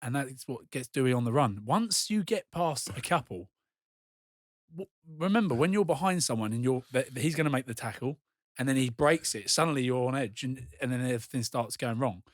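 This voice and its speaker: A man with a medium-pitched voice breaks down rugby action with lively, animated energy, like a former player chatting on a podcast. The sound is dry and close, with no room echo. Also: a little fast. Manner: animated, talks through match action. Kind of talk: casual podcast chat.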